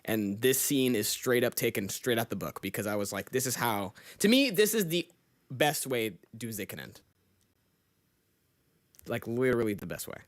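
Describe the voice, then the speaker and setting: A man hosting a live stream, reacting to his own video in slangy, profane, excitable casual chat. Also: mid-range voice, moderate pace. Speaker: streamer host.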